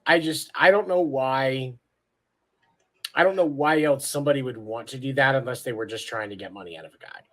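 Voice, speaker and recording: A man's voice: mid-range voice, fairly quick, fairly bright tone. A man co-hosting a sports podcast, talking bluntly and casually with profanity and jokes. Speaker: podcast co-host.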